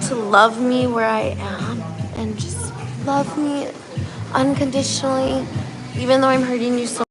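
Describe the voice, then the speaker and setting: A woman voicing an earnest mother who pleads with her grown daughter, speaking slowly in therapy-style phrases. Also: high-pitched, fairly even intonation, music in the background. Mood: pleading.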